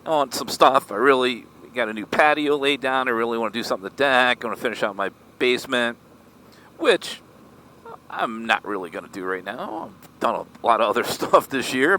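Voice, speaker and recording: A man's voice: medium pitch, a bit bright, a little hiss or hum. A middle-aged man vlogging in a casual, rambling, joking way while riding a motorcycle. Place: outdoors on a moving motorcycle.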